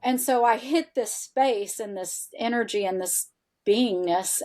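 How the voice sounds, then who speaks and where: A woman guest on an interview show, telling a personal story in a casual, animated way, full of "you know" and "like", candid and now and then swearing. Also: medium pitch, unhurried. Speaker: interview guest, integrative health practitioner.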